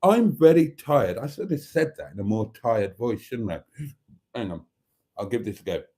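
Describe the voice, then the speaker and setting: Camp stream host, mellow and swooping, unhurried. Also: male voice, mid-range voice, animated. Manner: camp and theatrical, swooping voice, calls viewers darlings. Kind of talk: chatty live-stream hosting.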